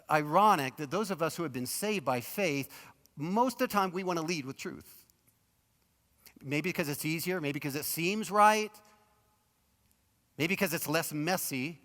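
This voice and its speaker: A man giving a sermon as a guest pastor, telling stories in a conversational way and swinging between emphatic points and hushed asides. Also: fairly high pitch. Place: large church auditorium. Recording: long reverb of a church auditorium.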